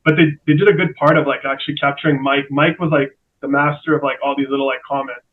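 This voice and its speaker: A man's voice: mid-range voice, steady tone, phone-quality sound. A man, an entrepreneur guest, telling a story in casual podcast chat with many fillers and restarts. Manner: halting, filler-heavy storytelling.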